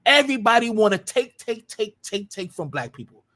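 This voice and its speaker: A man's voice: high voice, very animated, moderate pace, sharp tone. A man hosting a livestream, arguing in a combative, profane way and repeating himself for emphasis. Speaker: live stream host. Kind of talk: heated livestream commentary.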